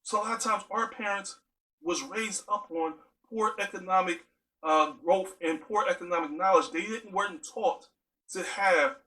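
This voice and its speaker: A man's voice: sits high, moderate pace, bright, forceful tone, rough recording. A man giving an earnest spoken monologue, driving his points home with strings of rhetorical questions.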